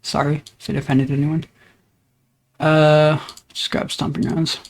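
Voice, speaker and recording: A man giving casual commentary on his own card game, thinking aloud about each play in a relaxed, upbeat way. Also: a little high, a little slow.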